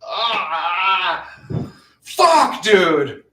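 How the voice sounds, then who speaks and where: A man's voice: high-pitched, very animated, extremely slow, pushed and bright, recorded from a distance. A middle-aged man, chatting casually and profanely on a livestream, telling rambling stories. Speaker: livestream host. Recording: roomy, off-mic.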